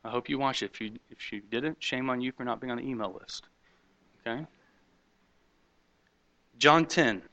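A pastor preaches, alternating between loud, emphatic points and quiet, hushed asides, and mocks skeptics by quoting them in put-on voices. His voice is mid-range at normal speed, with long pauses.

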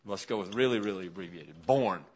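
A man's voice: low voice, expressive, a little fast, breathy edge. Man teaching a Bible class, muffled recording. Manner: asks the class questions while writing a list on a board. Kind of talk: interactive Bible lesson.

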